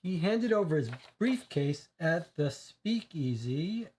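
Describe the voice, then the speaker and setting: Mid-pitched voice, thinking aloud, hesitant fillers, reads out detective game text. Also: big pitch swings, slow pace, a little mellow, breathy edge. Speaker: board game player and streamer. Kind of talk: co-op board game livestream commentary.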